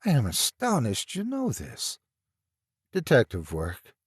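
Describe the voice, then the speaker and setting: A calm, gentle professor, read by a man with a mild, measured delivery. The sound is dry and close. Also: mid-range voice, breathy edge, dry recording, full character voice.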